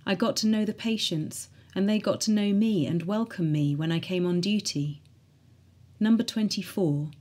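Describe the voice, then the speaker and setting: A woman reading a diary aloud in a measured, earnest way. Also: lowish voice, darkish tone.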